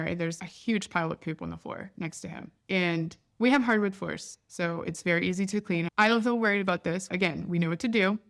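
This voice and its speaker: A woman in her thirties talks into a podcast mic in a relaxed, chatty storytelling manner. She sounds candid and down-to-earth, like she is telling a friend what happened. Her voice sits at a middle pitch. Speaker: podcast host. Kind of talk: casual storytelling monologue. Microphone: podcast microphone.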